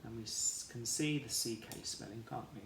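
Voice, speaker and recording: A man teaching a children's phonics lesson, slowly sounding out letters and syllables in an encouraging way. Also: medium pitch, fairly bright tone. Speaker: primary school teacher. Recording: echoey room, faint background noise.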